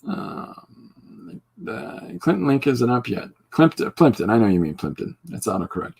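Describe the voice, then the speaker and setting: A man's voice: mid-range voice, big pitch swings, unhurried, vocal fry, a little mellow, husky. A man hosting a podcast livestream, chatting casually and joking with viewers while he draws. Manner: rambling, joking, reacting to chat. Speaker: podcast host.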